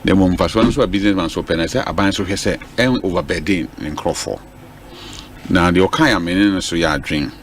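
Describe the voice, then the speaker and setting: A man talking on a radio panel, lively and switching between Twi and English. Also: deep voice, fairly quick.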